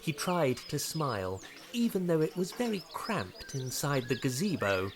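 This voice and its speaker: Expressive Australian man reading a children's story. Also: fairly high pitch, unhurried, crowd noise. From Tasmania, Australia. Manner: gently expressive, playful voicing. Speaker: narrator and author.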